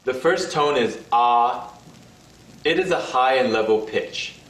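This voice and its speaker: A man giving scripted instructions in a language lesson, demonstrating each sound with slow, drawn-out vowels. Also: mid-range voice, lively intonation, a bit bright, faint music behind. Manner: slow, carefully paced delivery with sung and held vowel demonstrations. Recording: roomy, distant-sounding recorded video.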